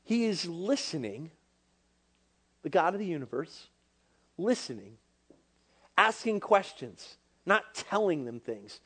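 A young man preaching to a youth group, casual and animated, acting out bits of dialogue with many fillers. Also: a little high, takes it slowly, long pauses, slightly rough. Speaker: youth pastor. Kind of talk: sermon to young people.

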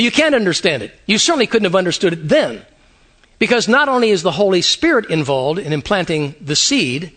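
A man preaching a sermon, animated and conversational, with repeated phrases and quick asides. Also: high voice. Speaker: pastor.

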